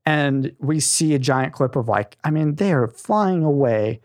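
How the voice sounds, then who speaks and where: A young man co-hosting a casual podcast, talking in an animated, rambling way with a lot of enthusiasm. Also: fairly high pitch, a little slow, no echo, clean studio sound. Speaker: podcast co-host.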